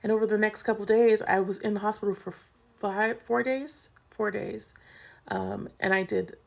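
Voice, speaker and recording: A woman's voice: mid-range voice, steady tone, moderate pace, creaky. A woman vlogger candidly telling a personal story in a casual, chatty way, full of "like".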